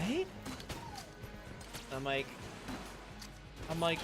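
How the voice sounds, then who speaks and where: A man's voice: fairly high pitch, very animated, slow pace. A young man streaming live, chatting casually with lots of swearing and filler words while he plays. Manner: casual and profane, rambling with many fillers. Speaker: livestream streamer. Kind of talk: casual livestream chat while gaming. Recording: music playing behind the voice. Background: music.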